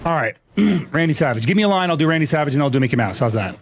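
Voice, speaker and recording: A man's voice: mid-range voice, expressive, very fast, a little hiss or hum. A man streaming live, chatting casually and joking playfully with his chat.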